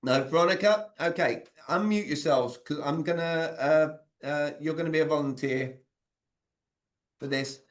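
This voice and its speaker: Coaching a group over video call, a fairly high-voiced man keeps his sales communication training interactive and conversational, regularly calling on people by name with questions. His delivery is unhurried.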